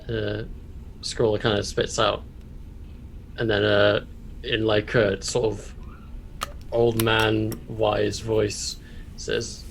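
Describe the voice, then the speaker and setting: A man's voice: fairly low pitch, flat delivery, slow pace, vocal fry, pauses often, slight background noise. A man playing in a tabletop game, casually describing his character's actions and laughing along. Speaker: player.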